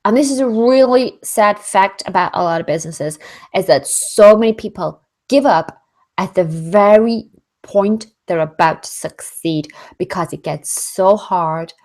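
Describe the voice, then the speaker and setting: A British woman talks through a business Q&A webinar in a loose, chatty way. She keeps slipping into little acted-out voices of her own doubts. Her pitch sits in an ordinary middle range. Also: unhurried. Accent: British English. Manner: chatty and animated, lots of "like" and acted-out inner voices. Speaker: business coach hosting a Q&A. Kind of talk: casual motivational webinar talk.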